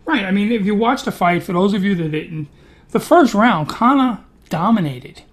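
Animated opinionated man talking fights. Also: sits high, normal speed. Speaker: podcast co-host. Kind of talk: casual sports chat.

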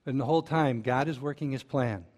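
A man preaching in a storyteller's manner, tossing quick asides to his listeners. His pitch sits in an ordinary middle range for a man, and the delivery is a lively sermon. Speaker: pastor.

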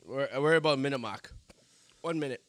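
A man co-hosts a casual talk show at a mid-range pitch, talking in a halting, chatty way full of fillers. He sounds teary and strained from extreme spicy heat, speaking into a studio mic. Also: a bit bright, dry recording. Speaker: podcast co-host. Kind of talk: casual chat during a hot chip challenge. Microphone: headphones and studio mic.

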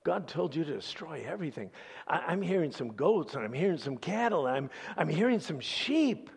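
A man voicing a stern, grieved old prophet who confronts a king and speaks gravely and urgently. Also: on the high side, sing-song, normal speed, big-room sound, heavily acted. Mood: grave, hushed. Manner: grave and hushed, rising to urgent pleading.

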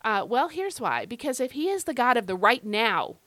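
A woman's voice: a little high, sing-song, moderate pace, a bit bright, no echo. Emphatic woman podcast host teaching Scripture. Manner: emphatic, repeats key phrases; conversational, addresses listener directly. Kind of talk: devotional Bible teaching.

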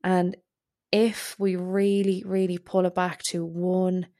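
A woman's voice: lowish voice, flat delivery, takes it slowly, warm tone, no echo, clean studio sound. Chatty woman hosting a self-help podcast. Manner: chatty, explaining step by step with many fillers. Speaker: podcast host. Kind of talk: casual self-help talk.

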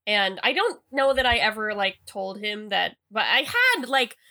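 A woman in her thirties co-hosting a podcast, telling stories in casual chat with giggly, animated delivery. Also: medium pitch, a little slow. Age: 30s. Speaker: podcast co-host.

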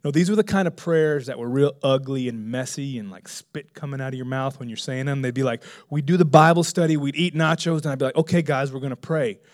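A middle-aged male pastor telling a story in a sermon, animated, bursting into loud excited exclamations. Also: medium pitch, a little fast, hardly any pauses.

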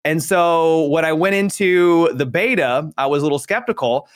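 A man's voice: fairly high pitch, normal speed, clean tone. A man co-hosting a podcast, chatting casually with dry, teasing remarks. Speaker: podcast co-host.

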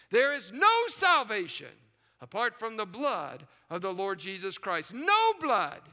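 Man, pastor, sermon, high pitch, sharp tone, long church reverb. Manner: preaching with dramatic swings from hushed to shouting. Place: large church sanctuary with choir and orchestra. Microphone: live stream.

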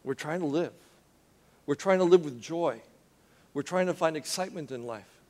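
A man preaching a sermon who calls out questions to the congregation and drops into quiet, earnest intensity as he tells a story. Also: fairly high pitch, normal speed. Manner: call-and-response with the congregation, dropping to quiet intensity.

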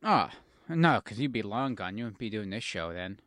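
A man's voice: fairly low pitch, expressive, moderate pace, fairly bright tone, no room sound, clean studio sound. A man co-hosting a podcast, telling stories in a chatty way and swearing casually. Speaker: podcast co-host. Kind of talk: casual chat.

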